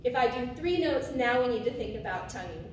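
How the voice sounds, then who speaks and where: A woman's voice: on the high side, expressive, fairly quick, faint music behind. A woman teaching swing phrasing to musicians in a casual way, correcting herself and singing syllables to demonstrate. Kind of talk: instructional demonstration. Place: room with a board. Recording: echoey room, mic set far off.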